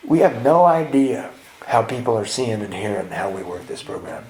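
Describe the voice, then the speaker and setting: A man sharing his twelve-step recovery story at a retreat, acting out dialogue and swinging between hushed and loud. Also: fairly low pitch, lively intonation, moderate pace. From California. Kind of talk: twelve-step share to a live audience. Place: retreat hall with audience. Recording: roomy hall with faint ambience.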